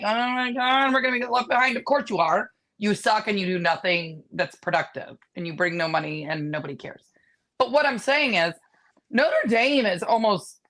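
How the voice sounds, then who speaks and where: A woman's voice: medium pitch, a bit bright. A woman co-hosting a sports podcast, ranting bluntly and mocking rival teams in casual chat. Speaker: podcast co-host.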